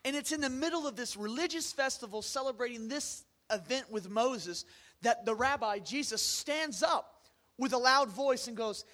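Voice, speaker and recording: A man preaching a sermon to a congregation, asking them questions and swinging from loud bursts down to hushed near-whispers. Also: extremely high pitch, normal speed. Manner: conversational, asks the congregation questions. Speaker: pastor.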